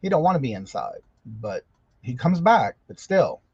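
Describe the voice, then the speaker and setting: A man's voice: mid-range voice, big pitch swings, moderate pace, a little mellow, slightly rough, no echo. A man hosting a casual livestream, chatty and folksy, greeting viewers one by one. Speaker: livestream host. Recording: dull lo-fi sound.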